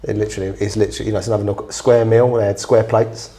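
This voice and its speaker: A man's voice: fairly low pitch, level tone, rapid-fire, dark tone. A man co-hosting a podcast in casual chat, teasing with dry jokes and swearing freely. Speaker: podcast co-host.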